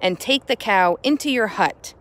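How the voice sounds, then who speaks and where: A woman reading a picture book aloud, voicing a wise old rabbi who gives measured, firm instructions. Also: medium pitch, lively intonation, lightly acted.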